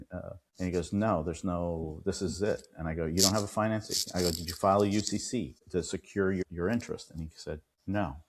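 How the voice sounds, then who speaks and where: A man, an attorney and podcast guest, telling a client story with lively quoted dialogue. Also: deep voice, slight background noise. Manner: animated retelling, acts out quoted dialogue. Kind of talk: storytelling in an interview.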